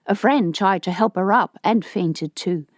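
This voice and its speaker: A woman's voice: mid-range voice, a little slow, dry recording. Woman narrating an audiobook, dry sound. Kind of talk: scripted narration.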